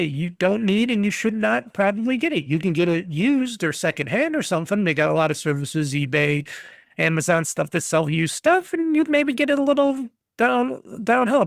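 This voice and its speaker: A middle-aged man from the United States rants bluntly on his solo podcast, swearing as he goes. His voice sits high for a man and carries a gravelly, rough edge. The sound is dry and close, with no room around it. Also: no echo. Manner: blunt, ranting, swears freely. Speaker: podcast host.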